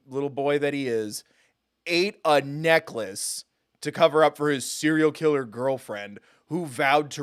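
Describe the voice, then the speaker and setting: A man hosting a live game stream, chatting casually with quick jokes and self-mocking asides. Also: mid-range voice, no echo, studio quality. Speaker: gaming streamer host. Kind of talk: casual live let's-play commentary.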